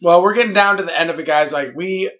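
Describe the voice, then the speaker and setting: A man's voice: high-pitched, fast talker, fairly bright tone. A man co-hosting a podcast, crude and joking as he riffs on drug commercials in casual chat. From Missouri. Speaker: podcast co-host. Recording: dull lo-fi podcast audio.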